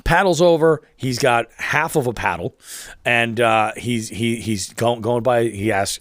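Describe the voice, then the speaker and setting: A man's voice: medium pitch, lively intonation, unhurried, fairly bright tone, no echo. A man co-hosting a fishing podcast, telling a story in a rambling way and often stopping to correct himself. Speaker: podcast co-host. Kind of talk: casual podcast chat.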